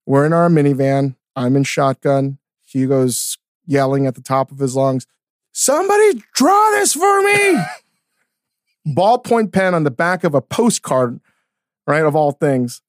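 A middle-aged man hosting a podcast, chatting casually and telling stories with animated, mock-outraged emphasis. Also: medium pitch, normal speed, dry recording, studio quality. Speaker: podcast host. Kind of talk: casual chat.

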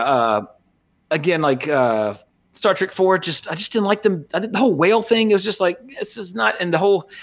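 A man co-hosting a podcast in casual chat, rambling with fillers and restarts. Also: a little high. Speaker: podcast co-host.

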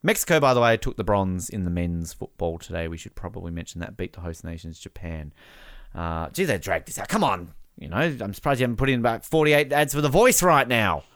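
A man chats his way through a live match for a podcast, jokey and loose. His pitch swings widely, and the voice is smooth and resonant. The recording is dry and close. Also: a little fast, dry recording. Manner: chatty, jokey, bursts into excited shouting at big moments. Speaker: podcast co-host. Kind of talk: casual live-watch commentary.

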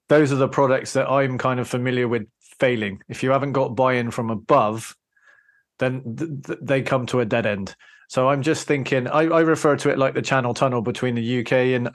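A British-accented man hosts a podcast interview and lays out his views in a thoughtful, explanatory way. His voice sits at a medium pitch. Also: fairly even intonation, moderate pace. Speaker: podcast host. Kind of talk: casual interview talk.

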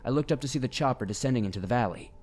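A man reading a first-person horror story aloud in a steady, grave storytelling manner. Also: mid-range voice, very fast. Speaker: narrator. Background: faint music.

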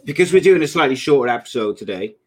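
Man in his 30s, mid-pitched, laughs easily, podcast co-host with a loose chat. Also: lively intonation, fast talker, slight background noise. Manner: jokey, laughs often at his own jokes. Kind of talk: casual chat.

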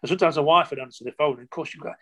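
Older ex-footballer reminiscing. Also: male voice, fairly high pitch, racing, pushed and bright. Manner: rambling anecdotes with many restarts and quoted dialogue. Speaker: former footballer. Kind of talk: interview storytelling.

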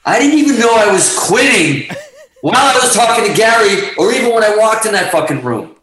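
A middle-aged man from Portugal, a guest musician telling a story on a podcast in a lively, profane way, acting out the quotes. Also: high-pitched, fairly quick, recorded from a distance. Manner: animated, profane, acts out quotes. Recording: echoey room, off-mic.

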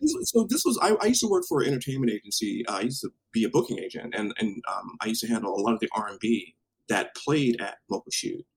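A man casually telling a story from his past, animated and acting out what people said, with some swearing. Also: fairly low pitch, fast, vocal fry, slightly rough, rough recording. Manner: animated, acts out quotes, swears.

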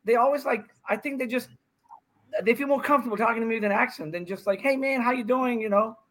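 Excitable joking man in his fifties. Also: very high voice, quick pace. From India. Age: 50s. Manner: excitable, joking, rambling storyteller. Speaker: podcast guest, pickleball pro. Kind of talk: casual chat.

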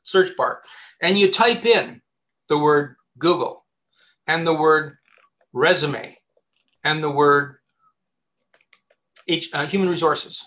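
A man, a headhunter, giving job-hunting advice in a casual interview, talking in an animated way with many restarts. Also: a little high, slow pace, long pauses. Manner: animated, chatty, many restarts and repeated words.

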